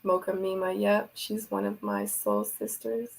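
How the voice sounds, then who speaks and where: A woman's voice: mid-range voice, big pitch swings, unhurried, gravelly. A woman hosting a livestream, signing off in a chatty, affectionate way, easily moved. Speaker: livestream host. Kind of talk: casual livestream sign-off.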